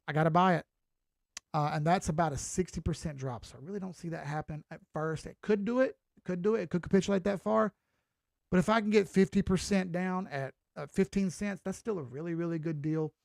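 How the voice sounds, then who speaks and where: A folksy middle-aged man with a Southern drawl talks loosely through price charts, swearing now and then. His voice sits a little high and has a gravelly, fry-laden edge. The sound is close and dry, with no room echo. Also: a little mellow. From Southern United States. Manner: folksy, chatty, mild swearing. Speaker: crypto chart analyst. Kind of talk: casual market commentary.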